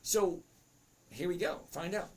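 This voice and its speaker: His voice sits high, cracks now and then, and has a slightly mellow quality as he keeps a measured pace. He's a man in his fifties teaching trading live, chatty and self-interrupting, reading out what viewers comment.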